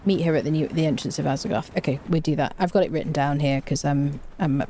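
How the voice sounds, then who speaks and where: Game streamer: woman, lowish mellow voice, chatty, self-deprecating. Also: fast talker, slight background noise. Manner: chatty and self-mocking, hums to herself. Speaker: streamer playing a survival game. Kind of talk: casual gameplay commentary.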